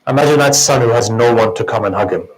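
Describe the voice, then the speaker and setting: Man, preacher, mourning sermon, impassioned, conversational, asks the crowd questions, mid-pitched voice. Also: quick pace, a little hiss or hum, rough recording.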